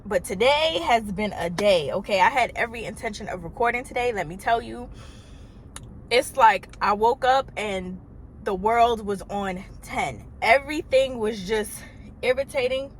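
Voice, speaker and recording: A woman's voice: a little high, slight background noise. Chatty woman vlogging from her car. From Trinidad. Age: 30s. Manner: animated, chatty storytelling with exasperated asides. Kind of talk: casual storytime vlog. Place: parked car.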